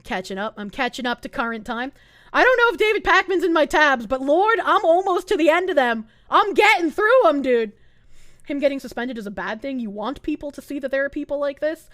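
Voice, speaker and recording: Woman ranting, high and animated. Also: a little fast, no room sound, studio quality. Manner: heated, sarcastic, profane. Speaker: Twitch streamer. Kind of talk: ranting live-stream commentary.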